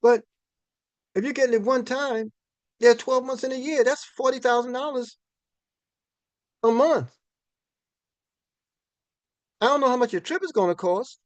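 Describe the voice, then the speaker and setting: A man's voice: very high voice, dry recording, dull audio. A man in his sixties giving a finance talk to an audience as a folksy, conversational storyteller who often repeats and restarts his words. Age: 60s.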